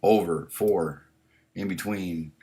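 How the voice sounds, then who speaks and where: A man's voice: sits low, slow, dark tone. A man hosting a casual live stream, blunt and opinionated, swearing often, with frequent restarts, reading chat comments aloud. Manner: blunt and heavily profane, many restarts.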